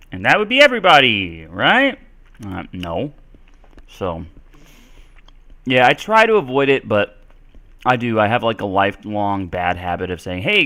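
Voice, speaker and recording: A man from the United States with a deep voice and a bright, forceful tone teaches English in a casual live-stream Q&A. He's chatty and rambling, correcting himself as he talks.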